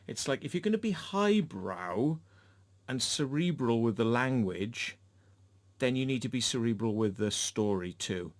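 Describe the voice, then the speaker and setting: A man's voice: medium pitch, lively intonation, a little slow. Rambling, swearing man reviewing a film. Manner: rambling and profane, with many fillers. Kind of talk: casual rant review.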